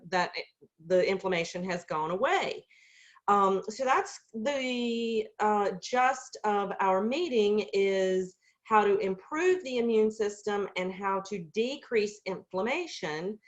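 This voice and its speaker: A woman hosting a casual group video call, talking in a hesitant way with many fillers and warm, effusive praise of her guests. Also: medium pitch, muffled recording.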